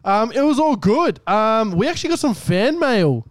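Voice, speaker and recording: Jokey male podcast co-host, high pitched, close and dry. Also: sing-song, moderate pace, no echo. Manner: laid-back, jokey. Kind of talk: casual podcast banter.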